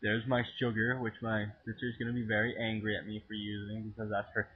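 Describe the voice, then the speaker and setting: A teenage boy goofing around while he films himself cooking at home, crude and joking, with sudden loud yells. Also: lowish voice, completely flat delivery, brisk, a little hiss or hum. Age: teens. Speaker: home cooking video maker. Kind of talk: goofy profane cooking vlog. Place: home kitchen. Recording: tinny lo-fi home camera audio.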